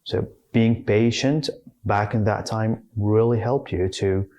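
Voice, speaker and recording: A man's voice: on the low side, takes it slowly, a little mellow. A man hosting an interview, asking questions in a hesitant way with many restarts and fillers. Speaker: interview host.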